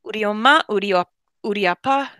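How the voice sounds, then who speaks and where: A woman's voice: mid-range voice, quick pace, crowd noise. A woman in casual chat, blunt and joking as she rambles on.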